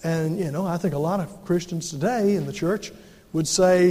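A man's voice: high-pitched, moderate pace, dark tone, in a large hall. A male pastor preaching a sermon, reading scripture and then explaining it with emphatic delivery. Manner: emphatic preaching, acts out quoted voices.

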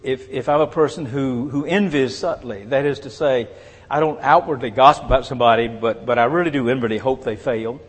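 A man preaching a sermon, earnest and measured, letting his phrases fall away softly at the end. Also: medium pitch, husky. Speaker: pastor. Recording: long reverb of a large hall.

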